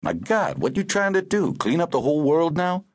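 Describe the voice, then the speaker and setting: A man's voice: low-pitched, big pitch swings, normal speed, slightly rough, no room sound, studio quality, full character voice. A man reading the lines of a large, loyal chauffeur who worries about his employer, in an audiobook.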